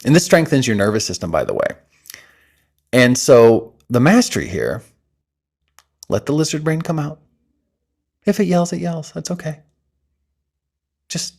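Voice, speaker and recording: A man, an interview guest, talking with energy and laughter, then leading a breathing exercise in soft, slow instructions. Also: on the high side, very animated, vocal fry.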